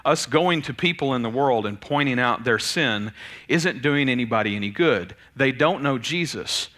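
A man, preaching a sermon in an animated, conversational way. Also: mid-range voice, moderate pace. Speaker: pastor.

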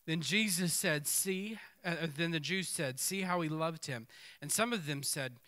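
A man preaching a sermon, reading scripture aloud and commenting on it in an animated way that acts out the people in the story. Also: on the high side, measured pace. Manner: animated, acts out the speakers in the text.

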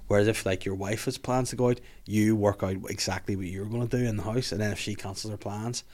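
A man's voice: on the low side, fast. A man hosting a podcast, telling sweary stories in casual chat and acting out quotes. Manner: sweary, animated storytelling with acted-out quotes. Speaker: podcast host.

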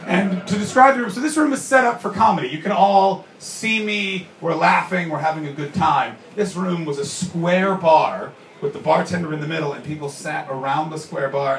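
A man from Canada performing a stand-up comedy set, telling a story and acting out the people in it with sudden shouted lines. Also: a little high, slight background noise. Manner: storytelling, acts out characters with shouted bits. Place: comedy club stage with audience. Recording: roomy live club sound from far off.

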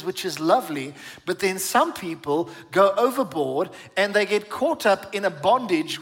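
High-voiced preaching man in a hall. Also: a bit bright. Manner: emphatic preaching with congregation call-and-response. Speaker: pastor. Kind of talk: sermon.

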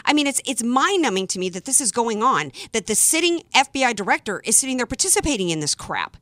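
A woman hosting a talk radio show, delivering an emphatic, indignant opinion monologue with sarcastic asides and quick restarts when she gets fired up. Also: on the high side, very animated, fairly bright tone, no room sound.

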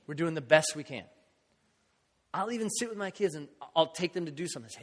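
High-voiced man preaching in a reverberant hall. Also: expressive, brisk. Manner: conversational, acts out quoted voices. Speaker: pastor. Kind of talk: sermon.

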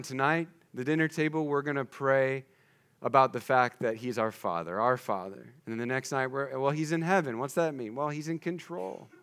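A man's voice: medium pitch, fairly bright tone. Young male preacher, mid-range voice, chatty sermon delivery with light humor. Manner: conversational, jokey asides to the congregation.

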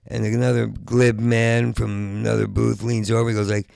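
Gravelly stammering older man, rambling. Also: medium pitch, flat delivery, darkish tone, no room sound, clean studio sound. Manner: stammering, halting, repeats sounds at word starts; profane rants, trails off into mutters. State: Parkinson's. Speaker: stand-up comedian. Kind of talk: rambling comedic monologue.

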